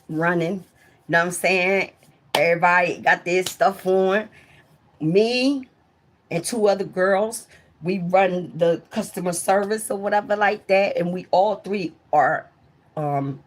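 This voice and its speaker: A woman with a fairly low voice tells stories to her viewers on a live stream. She swears freely and keeps talking straight to the people watching. When a story peaks, she gets loud and excited. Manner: profane, talks straight to viewers. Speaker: livestreamer. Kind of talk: casual storytelling to a live audience.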